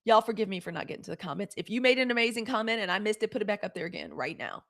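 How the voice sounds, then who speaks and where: A woman's voice: medium pitch, rapid-fire. A woman hosting a casual livestream, talking commentary and reading out live comments. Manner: animated, reads live comments aloud. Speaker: host.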